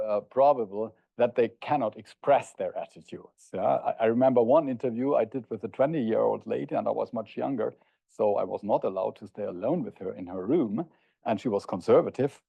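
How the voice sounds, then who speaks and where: A middle-aged man lecturing at an academic conference, pausing to hesitate and often checking in with the audience with "yeah?". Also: lowish voice, gravelly, dry recording. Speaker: university lecturer. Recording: dull, dry lo-fi recording.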